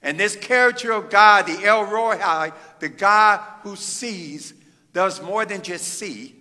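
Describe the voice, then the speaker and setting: In the reverberant hall of a church sanctuary, a fervent sermon comes from a middle-aged Midwestern pastor who stretches out his phrases and pauses often. His voice sits high, with a sharp tone.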